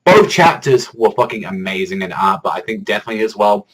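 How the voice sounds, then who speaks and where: A man hosting a manga reaction video in excitable, rambling casual commentary, swearing a lot and stacking fillers. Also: lowish voice, a little fast, rough recording. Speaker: manga reaction channel host.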